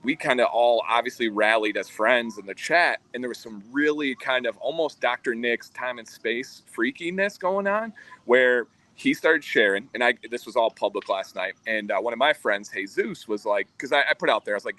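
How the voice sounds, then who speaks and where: A man's voice: mid-range voice, fairly quick, bright, forceful tone, dry recording, low-quality recording. A man co-hosting a livestream, earnestly telling a story about his community. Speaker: co-host. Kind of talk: livestream chat.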